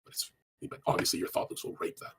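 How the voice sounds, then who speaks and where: Answering chat on a live stream, a man dishes out casual dating advice in a blunt, crude way, swearing frequently. His voice is a bit bright, and he talks rapidly in run-on bursts thick with fillers.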